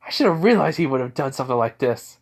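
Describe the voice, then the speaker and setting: A man voicing a loud, hot-tempered young male rival who shouts and snarls. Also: medium pitch, very animated, quick pace. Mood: amused.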